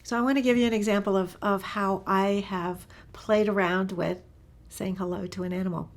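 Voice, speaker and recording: A woman teaching animal communication in a casual spoken lesson, enthusiastic and storytelling, with her voice often sinking into a breathy whisper. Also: medium pitch, fairly even intonation, normal speed.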